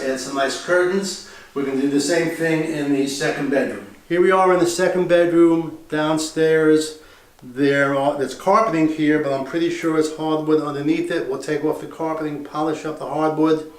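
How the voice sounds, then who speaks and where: A man who invests in real estate, giving a casual, plain-spoken walkthrough of a house he is renovating, thinking aloud as he goes. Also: fairly high pitch. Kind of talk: walkthrough property tour. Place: empty house under renovation, indoors. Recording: echoey bare rooms.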